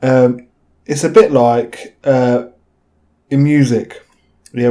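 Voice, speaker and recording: A video host rambles through a casual monologue in a mellow, medium-pitched voice. He's chatty, leans on tag questions like "right?", and fills his speech with fillers.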